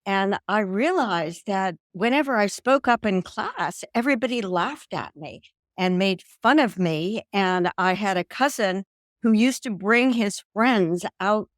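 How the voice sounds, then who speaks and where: Older woman, lively storyteller. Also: medium pitch, no room sound, studio quality. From American South. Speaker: guest. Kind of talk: casual interview talk.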